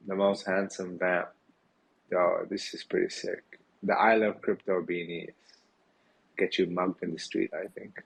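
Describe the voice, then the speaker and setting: A man with a deep, gravelly voice hosts a loose live Q&A, sounding worn out from a long day. His talk is rambling and full of fillers, with a husky edge throughout. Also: measured pace, rough recording. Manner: relaxed, rambling, many fillers. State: tired, yawning. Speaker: host of a community Q&A. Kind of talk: casual live audio chat.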